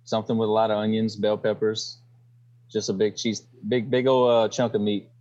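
Cajun guy in his thirties, relaxed guest, low voice through muffled call audio. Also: moderate pace. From Louisiana. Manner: easygoing, laid-back storyteller. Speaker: podcast guest. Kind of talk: casual chat.

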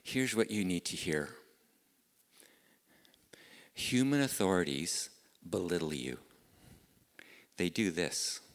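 Low-voiced pastor preaching. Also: male voice, sing-song, slow, pauses often, long reverb tail. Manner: earnest, conversational preaching with repeated rhetorical questions. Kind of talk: sermon. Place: church.

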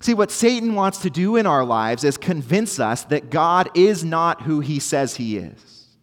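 A fairly high-voiced man preaches earnestly to his congregation, driving points home with repetition. His words ring out with a long hall reverb. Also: lively intonation, a little slow. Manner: earnest, emphatic preaching with repeated phrases. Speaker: pastor. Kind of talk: sermon.

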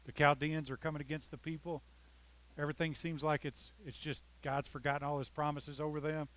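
A man preaching a sermon, reading scripture with dramatic emphasis and joking with his congregation. He swings between loud, pleading lines and soft, intimate ones. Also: a little high, flat delivery, a little fast, poor audio. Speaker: pastor.

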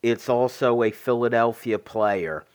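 A man co-hosting a sports talk show, summing up points about a football recruit in a measured way. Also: mid-range voice.

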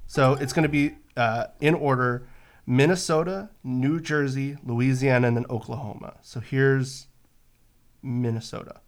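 A man's voice: mid-range voice, unhurried, soft background music. Rambling Bay Area man on a podcast. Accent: San Francisco Bay Area. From San Francisco Bay Area. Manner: rambling, explains with many fillers and restarts. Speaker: podcast co-host. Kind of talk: casual chat.

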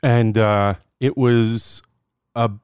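A young man co-hosts a casual podcast, playful and rambling, restarting his sentences as he goes. His voice is smooth and clear, recorded close and dry with no room sound. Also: medium pitch, steady tone, very slow, a little mellow, no room sound. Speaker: podcast co-host.

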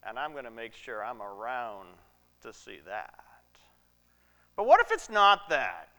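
A man playing a cynical, ambitious Egyptian official in a theatrical church monologue, musing aloud and swinging between loud lines and hushed asides. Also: mid-range voice, wildly swooping pitch, moderate pace. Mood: wondering.

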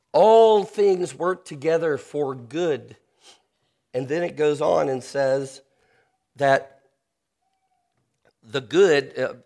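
A man preaching a sermon, earnest and personal, slowing down to stress key phrases. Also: mid-range voice. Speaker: pastor.

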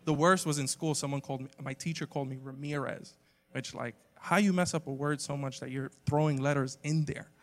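A man preaching a humorous sermon to a congregation, animated and swinging between loud exclamations and quiet asides. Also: a little high, fast, hardly any pauses. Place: church sanctuary with a live congregation. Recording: long hall reverb from a church sanctuary.

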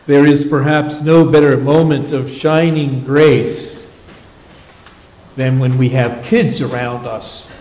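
A man's voice: mid-range voice, steady tone, slow, pauses often, darkish tone. A man leading a children's moment in a church service as pastor, playful and coaxing as he talks with the kids. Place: church sanctuary. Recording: echoey church sanctuary.

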